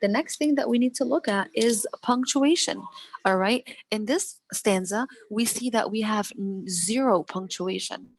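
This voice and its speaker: A woman's voice: medium pitch, measured pace. A woman teaching an online English lesson over a video call, repeating points and checking in with "okay" after nearly every phrase. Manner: repetitive, explanatory, fills with "okay".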